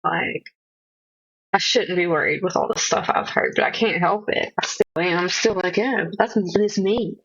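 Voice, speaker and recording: A woman's voice: lowish voice, moderate pace, fairly bright tone, dry recording, highs cut off. A young woman streaming from home, chatting in a rambling, self-conscious, jokey way. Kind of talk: casual live-stream chat. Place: home room.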